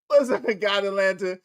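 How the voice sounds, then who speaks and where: Animated mocking male streamer. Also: sits high, dry recording, clean studio sound. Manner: animated, mocking, bursts into song and laughter. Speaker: commentary streamer. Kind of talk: casual reaction commentary.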